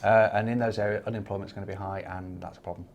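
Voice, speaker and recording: A man's voice: on the low side, steady tone, fast, highs cut off. An English man co-hosting a casual property talk show, rambling and restarting as he tells stories. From England. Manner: rambling, repeats words and restarts, storytelling. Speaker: property investment podcast co-host. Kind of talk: casual chat.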